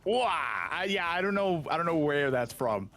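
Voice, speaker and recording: A man's voice: fairly high pitch, brisk. A man hosting a casual charity livestream, chatting with friends and reading out donations. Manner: animated, reads out donations. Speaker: charity stream host.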